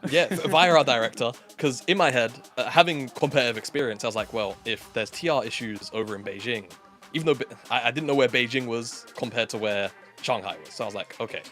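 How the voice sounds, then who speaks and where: A man's voice: medium pitch, fast talker, a bit bright, soft background music. A man co-casting a live esports broadcast, rambling playfully and often correcting himself mid-thought. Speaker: esports caster. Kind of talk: casual live esports commentary.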